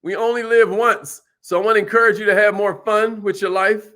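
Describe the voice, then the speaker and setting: A man giving an animated motivational sales seminar, calling out to the audience. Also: high-pitched, brisk. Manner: animated, preacherly, calls out to the audience. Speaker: sales trainer.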